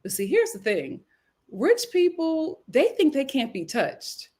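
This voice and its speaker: A young woman hosting a live recap stream, chatting casually, reading viewer comments, laughing often and swinging between loud outbursts and murmured asides. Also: high-pitched, wildly swooping pitch, unhurried. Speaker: live recap show host.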